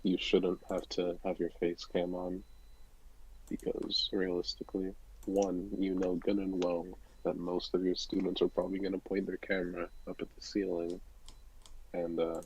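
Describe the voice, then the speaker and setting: A teenage boy being interviewed as a guest, chatting casually and making deadpan jokes. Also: low voice, normal speed, slightly rough, rough recording. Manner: deadpan, joking. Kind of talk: casual chat.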